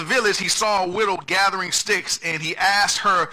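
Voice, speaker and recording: Male pastor, high and bright voice, dynamic preaching that jumps between hushed and loud. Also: moderate pace, hardly any pauses. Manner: animated preaching, swings from soft asides to loud emphasis. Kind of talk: sermon.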